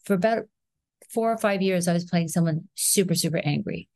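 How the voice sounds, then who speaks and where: A woman in her sixties, an actress, talking as a guest in a podcast interview, telling stories in an animated way and acting out rhythms and sounds. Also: lowish voice, brisk, dry recording. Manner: animated storyteller, acts out rhythms and voices.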